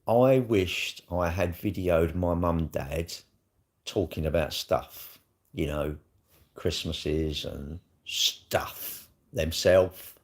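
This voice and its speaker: A man's voice: deep voice, a little mellow. A middle-aged man with a South East London accent, chatting casually on a live stream in a blunt, sweary, rambling way.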